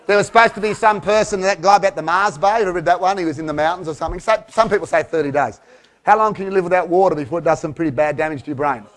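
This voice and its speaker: A man giving a live keynote to an audience, guiding them through a breathing exercise with lively coaxing and counted breaths, a bit out of breath. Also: high voice, rapid-fire. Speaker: keynote speaker.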